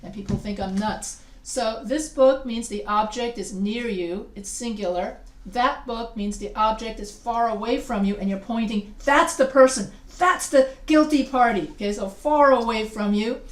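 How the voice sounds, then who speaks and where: Upbeat female teacher, higher voice, jokey and chatty, recorded in an echoey classroom. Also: normal speed, few pauses. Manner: playful, chatty teacher asking the class questions. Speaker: writing instructor. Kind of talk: classroom grammar lecture.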